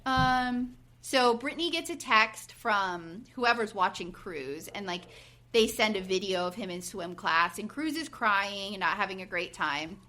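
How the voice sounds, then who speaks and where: A woman in her forties co-hosts a podcast, casually recapping a reality show in an animated way, acting out quotes with frequent fillers. Her mid-range voice moves a little slowly.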